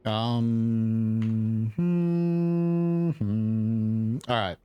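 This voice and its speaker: A man with a lowish voice that is wearing out and going hoarse. He rambles in relaxed gameplay commentary, thinking aloud as he explains what he is doing. Soft music plays faintly underneath. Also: very slow, dull audio. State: losing his voice. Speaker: gaming video host.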